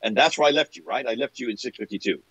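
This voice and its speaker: An older man giving an animated lecture-style talk, emphatic and repeating phrases for effect. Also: mid-range voice, racing, dry recording, lo-fi sound. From United States. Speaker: guest speaker.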